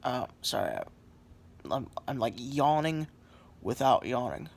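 Man, very sleepy, slow drawling talk, halting and rambling, lying on couch, casual home vlog. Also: medium pitch, very animated, gravelly, slight background noise. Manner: rambling, halting, many fillers and apologies. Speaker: vlogger.

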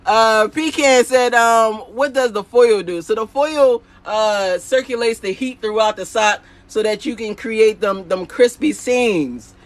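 A man with a very high voice hosts a live stream and reads viewer comments out loud. He stays hyped and playful, banters with the people watching, laughs a lot and keeps repeating his catchphrases. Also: measured pace, hardly any pauses. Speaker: sock printing business owner.

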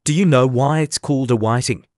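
A man's voice: medium pitch, brisk, darkish tone, no room sound, studio quality, lightly acted. A man voicing an impatient, bossy male griffin creature in a storybook reading, with a solemn, matter-of-fact delivery.

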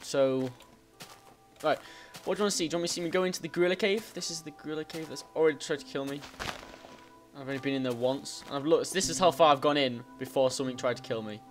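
A man hosting a gaming channel, giving rambling, excitable let's play commentary and exclaiming at the game. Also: fairly high pitch, quick pace, soft background music.

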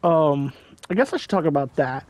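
A man with a fairly high voice chats loosely over his gameplay, hedging his guesses and padding his talk with fillers. He keeps it casual and unscripted. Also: expressive, moderate pace, a little mellow, no room sound. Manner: rambling, hedging, filler-heavy. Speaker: gameplay commentator. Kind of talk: casual game commentary.

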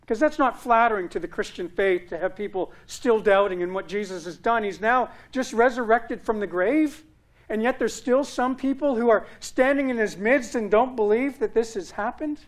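A man's voice: high voice, normal speed. A male pastor preaching a sermon, earnest, with emphatic repetition and rising stress on key words.

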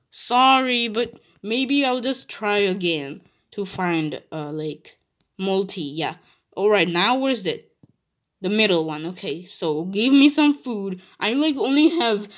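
A woman giving casual gameplay commentary, giggly and excitable, laughing often and chattering with exclamations. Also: medium pitch. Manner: chatty, with frequent restarts and exclamations. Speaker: gaming video creator.

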